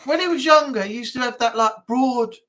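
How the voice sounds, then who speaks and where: A woman hosting a relaxed live chat stream, talking loosely and rambling with plenty of fillers and asides. Her tone is informal and conversational, and she sounds at ease. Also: fairly high pitch, a little fast, rough recording. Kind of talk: casual chat.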